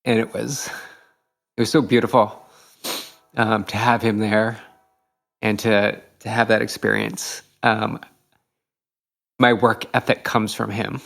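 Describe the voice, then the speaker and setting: Host type, middle-aged man, lowish voice, eager storyteller with a lot of "um"s. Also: flat delivery, slow, gravelly, pauses often, a bit bright. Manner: enthusiastic, reflective, many fillers. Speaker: podcast host, triathlete. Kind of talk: casual storytelling chat.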